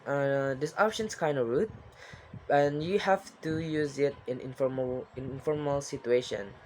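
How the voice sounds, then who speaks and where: A young man talks through a class presentation at an unhurried pace, stopping and restarting as he explains. His voice sits at an ordinary pitch, and a faint hum runs underneath. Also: a little mellow. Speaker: student.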